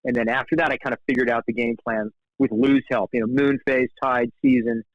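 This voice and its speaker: Sex: man. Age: 50s. Role: guest, fly fishing guide. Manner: animated storyteller who acts out quoted dialogue. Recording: dry, dull podcast audio. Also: mid-range voice, a little fast, no room sound. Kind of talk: casual storytelling in conversation.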